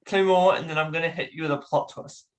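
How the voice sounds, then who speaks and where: An interview host running playful quick-fire games with a guest. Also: medium pitch, fairly even intonation. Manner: playful, quick, prompts with short cues.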